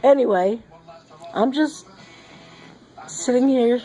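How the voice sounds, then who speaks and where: Sick middle-aged woman, mellow voice, slap-happy rambling vlog chat. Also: on the high side, takes it slowly, faint music behind, rough recording. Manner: giddy and rambling, laughing often. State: sick and short of breath. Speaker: vlogger. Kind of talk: casual rambling monologue. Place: sitting at home.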